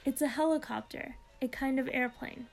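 A courteous, cheerful cartoon mouse, read by a woman storyteller, friendly and eager to explain. Her voice is a little high. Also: steady tone, normal speed, vocal fry, faint music behind, poor audio.

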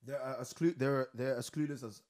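Fast-talking young man, animated. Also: mid-range voice. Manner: animated, laughing, mock-outraged rants. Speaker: co-host. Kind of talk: casual chat.

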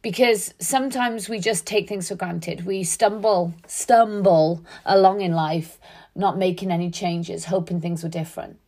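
Woman, middle-aged, lowish voice, earnest, conversational, motivational podcast host. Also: fairly even intonation, unhurried, darkish tone. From Wales. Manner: earnest, conversational, many fillers. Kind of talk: motivational monologue.

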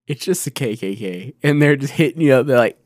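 A man's voice: mid-range voice, expressive, a little fast, darkish tone, no echo, studio quality. A man co-hosting a podcast, chatting casually with laid-back joking asides. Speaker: podcast co-host. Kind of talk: casual chat.

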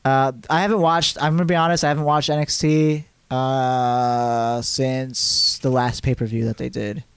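Male podcast co-host, smooth and slightly high voice, easygoing, dry studio sound. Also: level tone, normal speed, no echo. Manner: laid-back, swears casually, laughs often. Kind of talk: casual wrestling chat.

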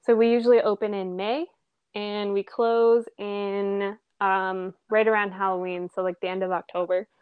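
A woman's voice: mid-range voice, normal speed, smooth, dry recording, narrow, tinny audio. Woman, young adult, casual chat, laughs a lot, dry close recording. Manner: laughs often, chatty and animated. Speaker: restaurant manager.

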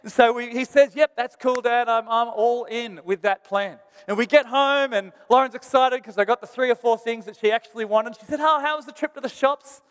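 A man's voice: very high-pitched, steady tone, fairly quick, few pauses, a bit bright, clear, resonant tone, in a large hall. A man, a pastor telling a self-deprecating story in a sermon.

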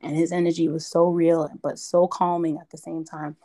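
A woman from Brooklyn, a podcast guest, excitedly retelling a story with emphatic repetitions. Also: on the low side, moderate pace. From Brooklyn, New York. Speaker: interview guest. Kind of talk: casual storytelling.

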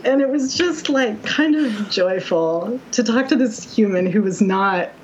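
A woman's voice: mid-range voice, expressive, unhurried, highs cut off, slight background noise. A young woman chatting casually, telling a dating story in a rambling way, full of fillers and wry quoted asides. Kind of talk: casual chat.

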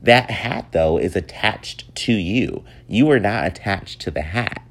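A man's voice: on the low side, lively intonation, a little slow, fairly bright tone. A man in his thirties hosting his own podcast, talking casually and animatedly, laughing often as he goes. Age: 30s. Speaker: podcast host. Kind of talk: casual solo podcast talk.

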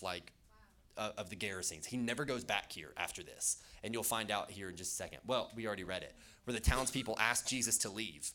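A man preaching a casual sermon, talking in an animated way with lots of fillers. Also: lowish voice. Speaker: youth pastor. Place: church hall with an audience.

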